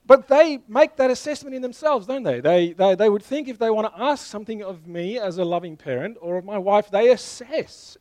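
Pastor guy giving a sermon, talks straight to the room, bit higher pitched, dry sound. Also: expressive, a little fast, hardly any pauses, darkish tone, dry recording. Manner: conversational, restarts often, direct appeals to listeners.

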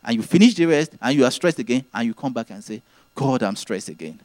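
A man's voice: mid-range voice, lively intonation, fast talker, a little mellow, no echo. A man preaching a sermon, teaching earnestly and repeating his key phrases.

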